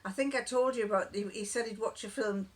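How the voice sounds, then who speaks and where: A slightly high-voiced woman talks quickly to the camera in a casual vlog. She tells homely stories in a rambling, tangent-filled way and laughs often.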